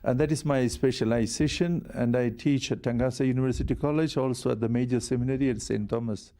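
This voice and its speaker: A man's voice: medium pitch, fairly even intonation, fast talker, mellow. A man, a priest who teaches theology, answering interview questions in a modest, good-humored way.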